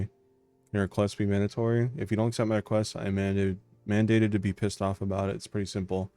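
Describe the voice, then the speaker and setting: A male streamer reading video game messages and journal entries aloud in a deadpan, flat delivery. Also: on the low side, fast talker, no echo, faint music behind.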